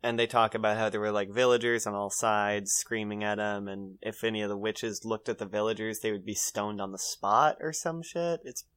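A man's voice: fairly low pitch, fairly even intonation, normal speed, few pauses, a bit bright, clear, resonant tone. Laid-back man recapping a show. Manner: chatty, laughs often, loose profanity. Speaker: podcast co-host recapping a show. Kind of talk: casual chat.

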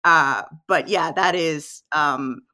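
A woman co-hosts a casual podcast and talks at length, full of "like" and "uh". Her voice sits low but sounds bright and forceful. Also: takes it slowly. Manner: talkative, explains at length with fillers. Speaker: podcast co-host. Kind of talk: casual chat.

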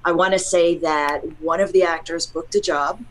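A woman who teaches voiceover, chatting casually and telling lively stories with frequent laughter. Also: lowish voice, moderate pace, poor audio. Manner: animated storyteller, laughs often. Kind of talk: casual panel chat.

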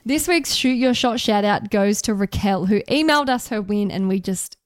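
A young Australian woman co-hosts a podcast, talking in a bubbly, chatty way at a middling pitch. Her voice is recorded close and dry, with no room around it. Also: no room sound. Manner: chatty, bubbly, quick to laugh. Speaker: podcast co-host, radio journalist. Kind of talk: casual podcast chat.

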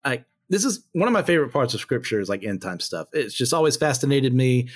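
A man's voice: mid-range voice, sing-song, fast talker, husky. A man hosting a Bible study, reading scripture aloud and then commenting on it in a loose, conversational way with many fillers and asides.

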